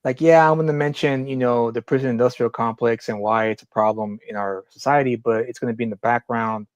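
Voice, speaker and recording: A man's voice: mid-range voice, fairly even intonation, fairly quick, dry recording, highs cut off. A man co-hosting a casual podcast, talking in long rambling opinionated runs with many restarts. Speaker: podcast co-host. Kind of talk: casual chat.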